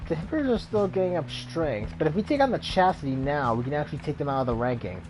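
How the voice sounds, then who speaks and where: Quick, chatty let's-play man. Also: fairly high pitch, lively intonation, background noise. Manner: quick, reads game text aloud, chatty asides. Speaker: let's player. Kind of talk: casual game narration. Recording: game music behind.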